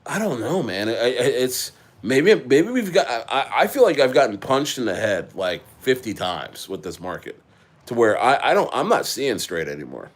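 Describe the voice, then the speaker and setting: A guy living in Chile hosts a crypto livestream, chatting casually in a medium-pitched voice with big pitch swings. He rambles and halts, restarting often, while reading and answering the chat.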